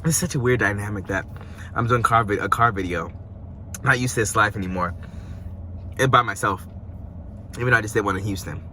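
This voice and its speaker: Chatty young man with a bright voice. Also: lowish voice, fairly quick, pauses often, a little hiss or hum. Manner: chatty, rambling, playful asides. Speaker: vlogger. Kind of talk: casual mukbang food review. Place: parked car.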